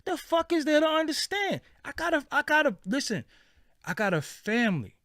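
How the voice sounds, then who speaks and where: A man's voice: very high-pitched, big pitch swings, normal speed, pushed and bright, no room sound, clean studio sound. A middle-aged man in an impassioned, profane rant to his viewers, repeating phrases for stress. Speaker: vlogger.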